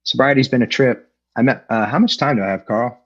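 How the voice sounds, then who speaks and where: Speaking a little fast in a mid-range voice, this middle-aged Los Angeles man tells his personal recovery story to an online meeting. He's frank and self-deprecating, leaning on frequent fillers, and his video-call microphone gives a dull, lo-fi sound.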